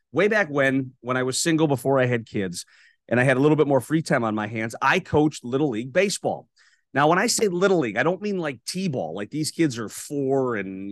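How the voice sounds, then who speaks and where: A middle-aged man chatting folksy and animated on his podcast, his voice sitting at an ordinary middle pitch. He records alone in a small studio, and the sound is close and dry with no room around it. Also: dry recording. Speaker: podcast host. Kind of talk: solo podcast monologue with sponsor read.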